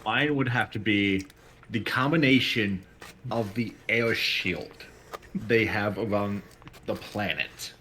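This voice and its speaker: A man's voice: lowish voice, slow, bright, forceful tone, slight background noise. A man co-hosting a casual podcast chat, swearing and laughing easily. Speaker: podcast co-host.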